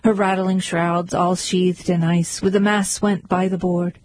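A woman reciting poems aloud in a rhythmic, measured way. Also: on the low side, level tone, a little mellow, dry recording, low-quality recording. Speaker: poetry reader. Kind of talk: recited poetry reading.

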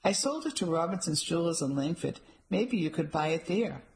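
A woman's voice: fairly low pitch, expressive, a little fast, a little mellow. A woman voicing a short, tattooed male pawn shop salesman with chummy sales patter in an audiobook.

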